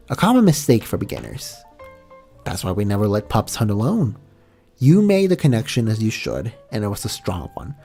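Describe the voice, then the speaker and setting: A man's voice: medium pitch, mellow, breathy edge, pitched above the performer's own voice. A man voicing a posh older vampire pony mare who lectures a beginner in a patronizing tone.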